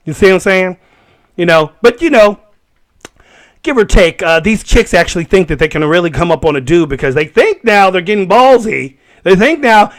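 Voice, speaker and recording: A man hosting a solo podcast, ranting in an animated way and laughing often. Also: high-pitched, moderate pace. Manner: animated and laughing, acts out voices. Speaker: podcast host.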